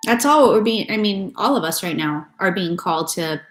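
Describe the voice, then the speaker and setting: A woman's voice: mid-range voice, lively intonation, normal speed. A woman giving a loose, chatty live-stream tarot reading, swearing casually and greeting viewers by name. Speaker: tarot reader. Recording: echoey room with faint noise.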